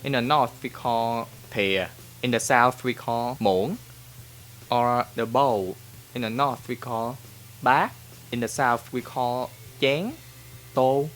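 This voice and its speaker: A man with a Vietnamese accent talks to camera in English, answering viewer questions like a friendly language teacher. His voice sits at a middle pitch for a man. He keeps the tone chatty and informal and checks in with the viewer as he goes, with faint background noise behind him. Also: takes it slowly, fairly bright tone. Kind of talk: casual Q&A lesson to camera.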